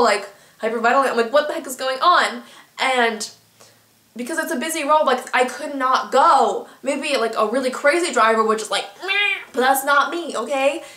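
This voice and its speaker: A teenage girl vlogger telling a story in a chatty, filler-heavy, animated way. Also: fairly high pitch, reverberant. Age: teens. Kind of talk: casual storytelling.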